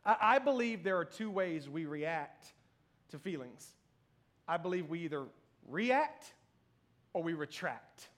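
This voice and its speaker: A man's voice: a little high, very animated, unhurried, pauses often, fairly bright tone. A man in his thirties preaching a sermon in church, chatty and self-deprecating, often laughing. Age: 30s. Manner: conversational, self-deprecating, frequent laughter and "you know what I mean". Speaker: pastor.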